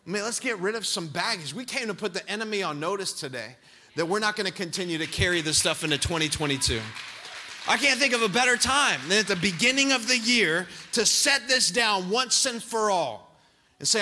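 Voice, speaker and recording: A man preaching a sermon, rising to shouts as he acts out scripture scenes. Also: high voice, expressive, a little fast. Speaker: pastor.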